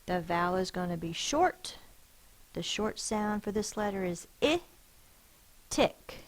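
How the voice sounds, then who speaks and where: A woman teacher giving a phonics lesson, sounding out words slowly and carefully. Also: mid-range voice, lively intonation, poor audio.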